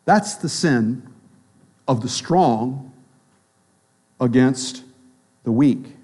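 A man's voice: mid-range voice, lively intonation, very slow, darkish tone, husky. A man preaching a sermon in a conversational way, often checking in with the listeners and acting out the voices of people he quotes. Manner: conversational preaching with frequent tag questions; acts out quoted voices of both sides. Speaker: pastor.

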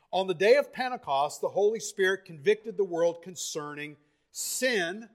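A male preacher with a notably high voice delivering a sermon. He speaks with fervor, often repeating words and restarting phrases, and swings between quiet, low passages and loud, emphatic peaks.

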